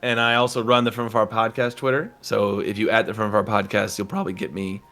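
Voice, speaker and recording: A man on a livestream chat who gets excitable, stammers and giggles a lot. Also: fairly low pitch, quick pace. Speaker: guest.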